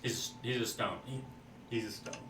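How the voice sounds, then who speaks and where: A man's voice: fairly low pitch, normal speed. A man playing a tabletop game, joking and rambling with lots of "like". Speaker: player. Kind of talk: casual tabletop role-play. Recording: echoey room, distant mic, background noise.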